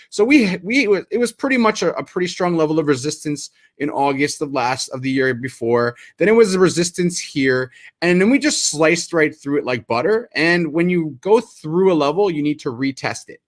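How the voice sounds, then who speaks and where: A man with a slightly high voice talks through trading charts in a loose, conversational way. He is animated, restarts his sentences and acts out how panicked traders react. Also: a little fast, few pauses. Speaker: crypto trader. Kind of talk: casual explanatory chat over charts.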